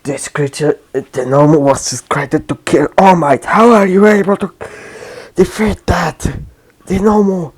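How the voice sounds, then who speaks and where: A man voicing a cruel, mocking young male villain who speaks in slow, gloating taunts. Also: fairly high pitch, fairly even intonation, a little mellow, natural voice.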